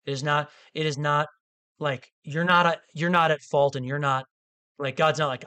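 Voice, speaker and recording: A man's voice: on the high side, steady tone, moderate pace, pushed and bright, clear, resonant tone. A man preaching a sermon in a conversational way, often restarting sentences and adding asides. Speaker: pastor.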